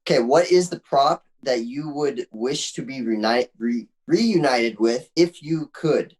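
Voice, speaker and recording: A man's voice: medium pitch, a little slow, a little mellow. Man, podcast co-host, upbeat, laughs easily, runs through a question list. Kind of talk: casual podcast interview.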